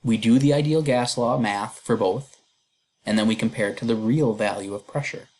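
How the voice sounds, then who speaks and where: A man with a husky, slightly breathy voice talks through a chemistry lecture at a mid-range pitch. He keeps it casual and chatty, with fillers and self-deprecating asides. It sounds like a computer mic while he draws on screen. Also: moderate pace, a little mellow. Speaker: chemistry teacher. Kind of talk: recorded lecture walkthrough.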